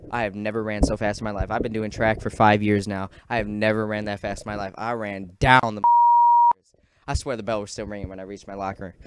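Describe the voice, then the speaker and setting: A teenage amateur stand-up comic with a low voice tells rambling, excitable stories in a casual set. He keeps acting out quotes with sudden, loud, squealing impressions of the people involved, while heavy background noise runs throughout.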